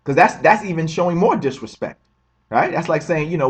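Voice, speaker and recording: A man with a somewhat high, husky voice speaks in a casual, emphatic commentary style. He repeats words and stacks rhetorical questions, checking in with a quick "right?" as he goes. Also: lively intonation. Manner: keeps asking the listener "right?". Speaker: religious commentary host.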